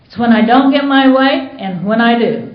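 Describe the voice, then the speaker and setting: A woman's voice: on the high side, lively intonation, moderate pace, a little hiss or hum. A woman from the United States sharing her story at a recovery meeting, candid and storytelling, acting out quoted dialogue. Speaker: Al-Anon speaker. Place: meeting hall. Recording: roomy dull conference recording.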